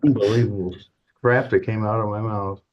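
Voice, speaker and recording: A man's voice: fairly low pitch, steady tone, fairly quick, highs cut off. An older man from Detroit, a guest in an interview, telling rambling anecdotes with frequent chuckles. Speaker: guest, drum company co-founder. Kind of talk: casual storytelling.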